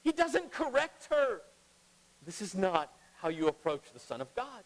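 A middle-aged man preaching a sermon as pastor, emphatic, swinging between loud and hushed. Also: sits high, sing-song, unhurried. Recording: long reverb of a large hall.

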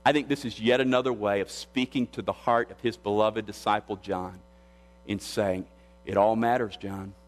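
A male pastor preaching a sermon with emphasis, repeating phrases and lifting his pitch on key words. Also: steady tone, normal speed. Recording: long hall reverb.

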